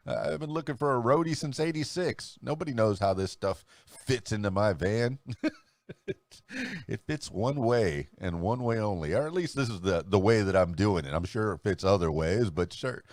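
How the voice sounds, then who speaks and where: Middle-aged host, low lively voice, chatty and laughing, dry close sound. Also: male voice, moderate pace, dry recording. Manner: chatty, laughing, self-amused asides. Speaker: podcast host and DJ. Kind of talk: casual solo podcast talk.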